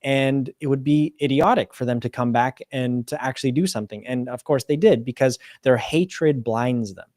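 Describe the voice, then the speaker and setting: Animated male host, dry sound. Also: medium pitch, no echo. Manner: animated, quick, stumbles and restarts. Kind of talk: conversational interview.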